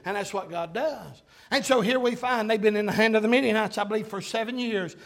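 A man preaching a sermon, fervent and halting with many fillers, breaking into shouts. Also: high-pitched, gravelly. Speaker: pastor.

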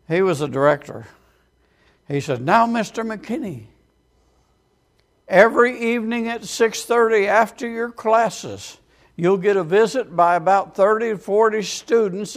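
A man's voice: high-pitched, measured pace. A man preaching a sermon as a storytelling testimony, with frequent amens and quoted voices acted out.

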